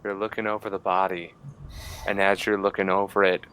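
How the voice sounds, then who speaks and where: A man narrating as game master of a tabletop role-playing game in a relaxed way. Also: low-pitched, brisk, smooth, low-quality recording.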